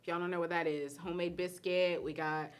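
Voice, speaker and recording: A middle-aged woman, chatting casually on a live stream as a host and cook, animated and laughing often. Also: fairly low pitch, fairly quick. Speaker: host and cook answering viewer questions.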